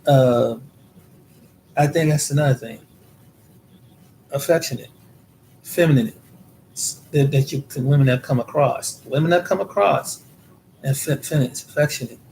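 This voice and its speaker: A man's voice: mid-range voice, normal speed, gravelly, pauses often, a little mellow, slight background noise. A man from the United States talking in a casual monologue, rambling and repeating words as he tells his experiences. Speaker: vlogger.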